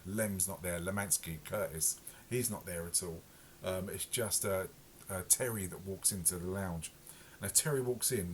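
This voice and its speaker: A man's voice: low voice, slight background noise. A man reviewing a TV episode in casual, rambling talk full of fillers and self-corrections. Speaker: podcast reviewer.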